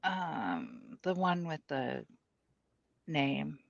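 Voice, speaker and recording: A co-host on a casual chat show who speaks in a hesitant way, with many pauses. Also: medium pitch, huge pitch swings, vocal fry, no echo. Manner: slow, hesitant. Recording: dull dry mic.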